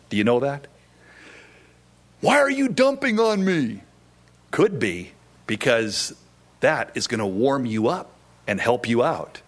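A man preaching a sermon, telling a story and acting out quoted voices, with sudden drops into a low tone. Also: a bit bright.

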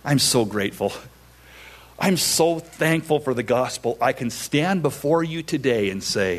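A man's voice: mid-range voice, animated, measured pace. A middle-aged male pastor preaching a sermon, emphatic and repeating his phrases for weight.

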